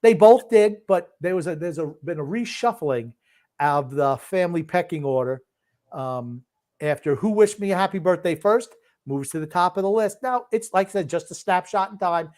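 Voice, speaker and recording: A man's voice: high voice, expressive, moderate pace, darkish tone. An older man co-hosting a casual sports chat, reading viewer comments aloud and teasing his family. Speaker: podcast co-host reading comments.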